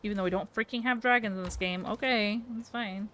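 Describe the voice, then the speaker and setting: A young woman with a Southern accent talks her way through a build on a live stream. Her voice is bright and a bit tense, at an ordinary pitch. She chats with viewers, then drops to sleepy muttering while she thinks. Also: steady tone, brisk, slight background noise. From American South. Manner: chatty, giggly, thinks aloud and mutters to herself.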